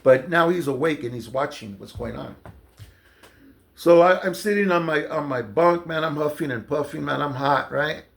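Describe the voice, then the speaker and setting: A man casually tells a long personal story about his jail experiences, loose and conversational, full of fillers and restarts. His voice is on the high side and a bit bright, with vocal fry, at a moderate pace.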